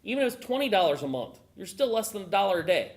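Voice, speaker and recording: Here a woman with a medium-pitched voice talks quickly to a live group of gun owners. She acts out exchanges and asks the audience questions, all in an animated style.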